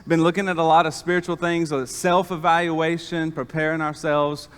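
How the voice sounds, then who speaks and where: A pastor giving a sermon in a church, telling stories in a folksy way with lots of fillers. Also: male voice, a little high, level tone, normal speed, a bit bright, clear, resonant tone. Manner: folksy storytelling with many fillers. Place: church sanctuary. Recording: long reverb of a church hall.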